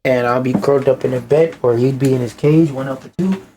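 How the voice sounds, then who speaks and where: A man's voice: medium pitch, fairly even intonation, fairly quick, dark tone, slight background noise. Profane ranting young man streamer. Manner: profane, ranting, interrupts reading to complain. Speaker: streamer reading an article aloud. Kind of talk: casual reaction commentary.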